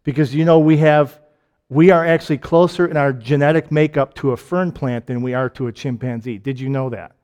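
A man with a Michigan accent delivers a conversational sermon in a mid-range, steady, clean-sounding voice at a brisk clip. He fires off rhetorical questions and jokes, swinging between loud and quiet.

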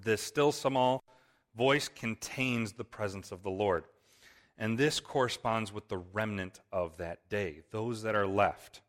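A man's voice: fairly low pitch, slow, a bit bright. A man reading Bible verses aloud and explaining them, often checking in with "right?". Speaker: Bible teacher. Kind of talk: Bible study teaching.

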